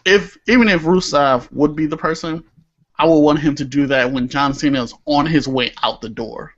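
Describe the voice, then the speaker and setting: A man's voice: fairly high pitch, moderate pace. A young man co-hosting a casual podcast, talking animatedly, laughing and swearing when annoyed. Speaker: podcast co-host. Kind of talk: casual chat. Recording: muffled lo-fi audio.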